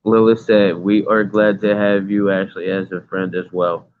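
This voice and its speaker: A man hosts a casual livestream from his phone, the audio tinny and carrying slight background noise. His low-pitched voice is flat and at normal speed as he reads chat comments aloud, talking in a rambling, earnest and emphatic way.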